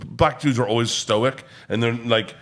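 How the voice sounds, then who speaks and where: A man's voice: medium pitch, moderate pace. A man telling stories on a comedy podcast, laughing often and acting out other people's voices. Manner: laughs often mid-story, acts out voices. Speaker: comedian guest. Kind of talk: animated storytelling.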